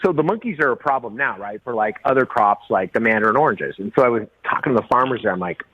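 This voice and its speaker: A man's voice: mid-range voice, lively intonation, fast talker, few pauses, slightly rough. Laughing man telling stories on a dull line. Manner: laughs often, acts out quoted dialogue. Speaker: guest, winery and rum company owner. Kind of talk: casual storytelling interview. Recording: dull lo-fi call-in audio.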